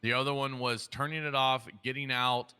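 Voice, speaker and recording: A man hosts a roleplay police meeting, walking officers through fixes and inviting questions. His mid-pitched voice sounds bright and sharp, with a friendly, organized manner. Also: little pitch movement, normal speed, slight background noise. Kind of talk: casual roleplay meeting talk.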